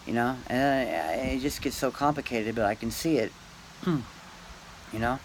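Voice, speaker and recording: A man rambling through a meandering, philosophizing monologue to camera, pausing often and tagging lines with "man" and "dude". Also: mid-range voice, slight background noise, low-quality recording. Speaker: vlogger.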